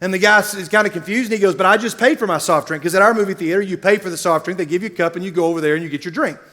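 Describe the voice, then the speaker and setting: A man from Middle Tennessee tells a funny story from the stage, voicing each person he meets along the way. His voice sits high for a man, and his delivery is lively and comic. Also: rapid-fire. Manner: animated, comic storyteller who acts out characters. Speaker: speaker at a university gathering. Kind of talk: storytelling sermon.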